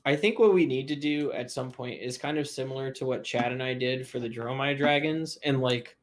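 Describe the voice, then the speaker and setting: Man laying out deck strategy calmly. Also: mid-range voice, a little hiss or hum. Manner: measured, builds long strategic points. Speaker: stream co-host. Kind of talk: casual strategy discussion.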